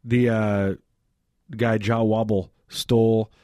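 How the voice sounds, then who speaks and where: A man's voice: lowish voice, little pitch movement, takes it slowly, warm tone, no echo, studio quality. A man co-hosting a radio show, bantering loosely and joking at his own expense. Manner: self-mocking, jokey, mimics voices, frequent laughs.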